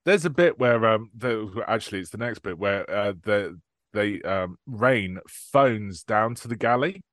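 Lively chatty man on a film podcast. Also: lowish voice, unhurried, no echo, clean studio sound. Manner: chatty, swearing, acts out lines from the film. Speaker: podcast co-host. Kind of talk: casual film podcast chat.

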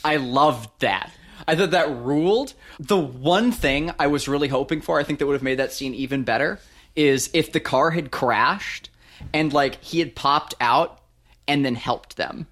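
A man's voice: on the high side, measured pace, fairly bright tone. Rambling, swearing man reviewing a film. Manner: rambling, restarts a lot, swears casually. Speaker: podcast co-host. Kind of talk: casual film discussion.

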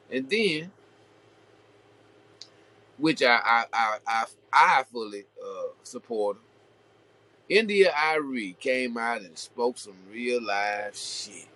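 A man's voice: mid-range voice, slow pace, pauses often, no room sound, poor audio. A man hosting a podcast in a casual, rambling monologue, full of "you know" and blunt, salty remarks, his voice jumping up when he gets worked up. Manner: rambling, lots of "you know", animated rises. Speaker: podcast host.

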